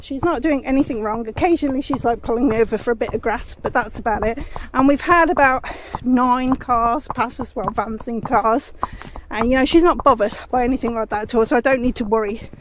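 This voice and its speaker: A woman's voice: fairly high pitch, brisk, hardly any pauses, low-quality recording. Slightly breathless woman chatting on a walk. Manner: chatty, talks to her horse between stories. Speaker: vlogger. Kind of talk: casual walking chat. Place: quiet country lane outdoors. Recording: outdoor recording with clear background noise.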